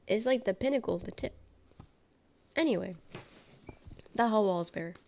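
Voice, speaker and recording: A woman's voice: mid-range voice, normal speed, creaky, mellow, slight background noise. A sick young woman with a nasal, congested voice, rambling casually as a livestreamer from her bedroom. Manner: rambling, trailing off, self-correcting. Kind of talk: casual chat. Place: her bedroom with bare walls.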